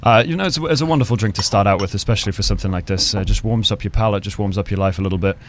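A man's voice: fairly low pitch, racing, background noise. A man on a podcast talking enthusiastically about a cocktail and his brand. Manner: enthusiastic, promotional. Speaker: brand ambassador guest. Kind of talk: casual chat.

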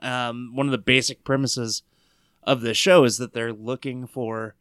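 A man's voice: mid-range voice, measured pace, clear, resonant tone, no echo, studio quality. A man co-hosting a podcast, chatting casually and telling jokey stories about work and cartoons. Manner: joking, animated storyteller. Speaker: podcast co-host. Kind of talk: casual chat.

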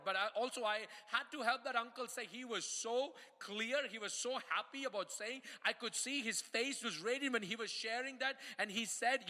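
Bright, high-voiced man preaching in a hall. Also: moderate pace, hardly any pauses. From India. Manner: repeats words and restarts while preaching, rising to emphatic calls. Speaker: pastor. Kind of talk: sermon. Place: church hall. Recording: hall reverb.

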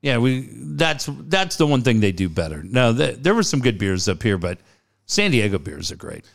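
A man co-hosting a casual chat, telling stories with lively jokes. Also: normal speed, creaky. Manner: animated storyteller, jumps high in pitch when joking. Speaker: co-host.

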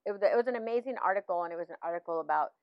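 A woman's voice: on the low side, very fast, clear, resonant tone, no echo. Middle-aged woman telling a faith story. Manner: animated storytelling, many fillers and restarts. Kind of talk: personal faith testimony in casual talk. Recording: dull, slightly lo-fi, dry sound.

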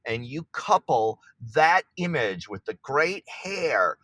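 Bright-voiced man, enthusiastic interview guest. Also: medium pitch, very animated, slow, no echo. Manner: enthusiastic, searching for words. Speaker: pop artist guest. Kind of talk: interview conversation.

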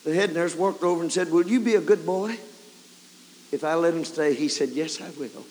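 A man preaching a revival sermon, telling a story and building to fervent shouts. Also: fairly high pitch, normal speed. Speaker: evangelist preacher. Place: large camp meeting hall or tabernacle. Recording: 1990s camp meeting tape, hall reverb, faint hiss.

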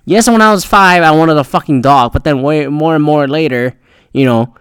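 Podcast host, young man, fast profane rambling rant, smooth and dry. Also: a little high, a bit bright, no room sound.

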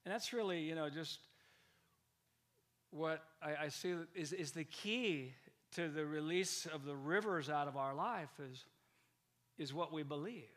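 Bright, forceful preacher man. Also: a little high, a little slow, long pauses. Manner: energetic, repeats words, bursts of loud emphasis. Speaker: pastor. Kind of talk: lively sermon.

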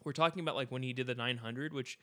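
A casual man from California, talking loosely on a podcast. He tells rambling stories packed with fillers, and his voice sits in an ordinary middle pitch. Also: fast, fairly bright tone. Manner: rambling, filler-heavy storytelling. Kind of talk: casual chat.

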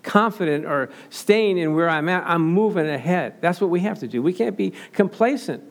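A man's voice: high-pitched, lively intonation, normal speed. An older man preaching a sermon in a conversational way, telling everyday stories and acting out what people said. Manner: conversational storytelling, acts out quotes.

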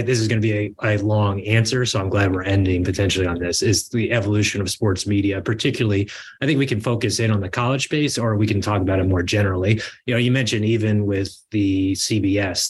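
A man's voice: lowish voice, steady tone, fast, slightly rough. A man hosting an interview for students, asking long, hesitant, winding questions. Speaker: interview host.

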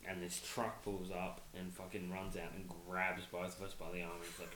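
A man's voice: deep voice, flat delivery, normal speed, few pauses, a bit bright, slight background noise. A man, co-hosting a podcast, telling a story in casual chat, swearing constantly and laughing as he goes. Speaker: podcast co-host. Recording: echoey room.

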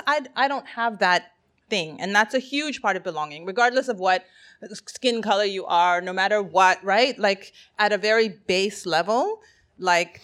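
A woman in a casual conversation, talking in an animated way with many fillers and restarts. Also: medium pitch. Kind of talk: casual chat.

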